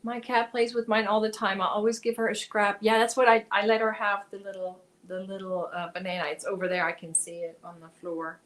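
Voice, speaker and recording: A woman's voice: mid-range voice, flat delivery, fairly quick, hardly any pauses, a bit bright, rough recording. A woman hosting a casual crochet livestream, chatting with viewers, reading their comments aloud and talking to her cat.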